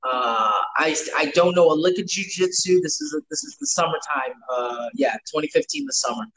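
A man's voice: fairly high pitch, big pitch swings, a little fast, a bit bright, poor audio. A man, telling rambling, profane stories with lots of restarts in a casual chat. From New York.

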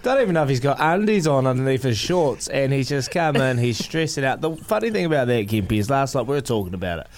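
A man's voice: mid-range voice, expressive, quick pace, few pauses, slight background noise. A young man co-hosting breakfast radio, telling a teasing story about a late colleague. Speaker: radio host. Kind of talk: casual breakfast radio banter.

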